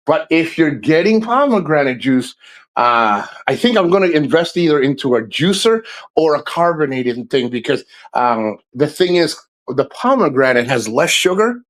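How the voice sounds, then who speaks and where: A man's voice: on the high side, very animated, moderate pace, fairly bright tone, rough recording. Rambling, foul-mouthed man hosting a stream. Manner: rambling, profane, jokey. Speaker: livestream host. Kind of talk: casual livestream chat.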